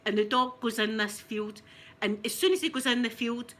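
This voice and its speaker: A woman with a Scottish accent telling a family story in casual talk, animated and often laughing. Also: on the high side, normal speed. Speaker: ASMR channel host telling a family story.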